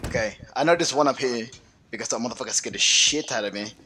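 A man's voice: medium pitch, fast, bright, forceful tone, breathy edge. A man playing a horror game and commenting live, swearing constantly and yelping in panic. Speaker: let's play gamer.

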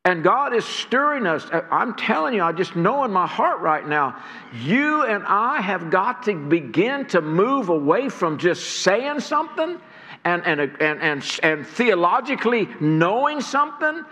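Building with repeated words, this pastor delivers a stirring, earnest sermon to the church in its sanctuary. He speaks at a measured pace in a high, bright, forceful voice that is very animated, and the hall adds a long reverb.

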